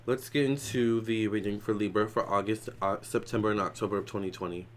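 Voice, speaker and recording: A man with a slightly low voice gives a casual psychic tarot reading. He talks in a chatty, rambling way, circling back with fillers and restarts. Now and then he drops into a soft prayer. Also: fairly even intonation, brisk, slight background noise. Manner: prays softly. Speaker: tarot reader.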